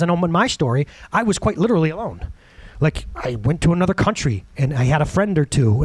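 A man in his thirties delivers a sermon with a fairly high, very lively voice. He swings between loud peaks and quiet, intimate asides. The sound is dry and close, with no room echo. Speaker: pastor.

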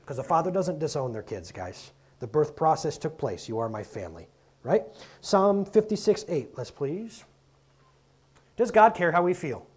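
A man delivers a sermon in an easygoing, conversational way. His voice sits a little high and sounds husky, and his pitch climbs and drops freely as he asks the congregation questions. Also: sing-song, a little slow. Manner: conversational preaching with rhetorical questions, swings between loud and soft. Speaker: pastor.

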